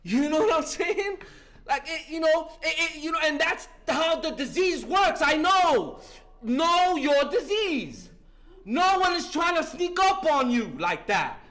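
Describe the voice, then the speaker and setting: A man's voice: very high-pitched, big pitch swings, measured pace, sharp tone. A man in his fifties giving a fervent, profane share at a recovery meeting, talking street-style and breaking in with "listen" again and again. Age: 50s.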